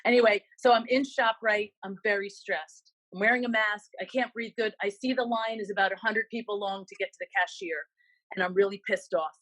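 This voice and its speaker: A woman on a group video call telling a story in a lively way, acting out both sides of a phone call. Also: mid-range voice, fairly quick, no echo. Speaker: real estate agent on a group call. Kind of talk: animated storytelling in casual chat.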